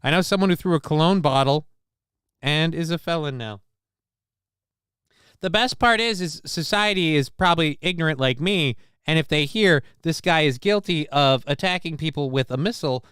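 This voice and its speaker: A man's voice: on the high side, lively intonation, moderate pace, fairly bright tone, clear, resonant tone, no echo, clean studio sound. A man hosting a livestream, chatting casually and reading out viewer comments in a rambling, profane, joking way. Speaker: livestream show host.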